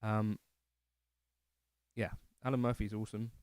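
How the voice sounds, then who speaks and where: A man's voice: lowish voice, flat delivery, measured pace, darkish tone, no echo. Male streamer, self-deprecating and rambly, dry close sound. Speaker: livestream host. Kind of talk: casual livestream chat, reading comments. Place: home living room.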